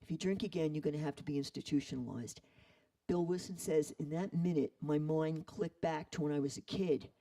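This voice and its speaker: A man retelling a story in an animated way, acting out the quoted voices. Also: fairly high pitch, fairly quick, distant mic, low-quality recording. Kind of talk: storytelling talk.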